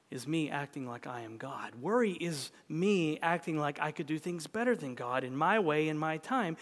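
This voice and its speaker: Man preaching in a church sanctuary, lively rising and falling pitch, emphatic repetition, hushed asides, long reverb. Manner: swings between loud emphatic calls and hushed near-whispers; repeats key phrases with shifting stress. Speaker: pastor. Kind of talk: sermon.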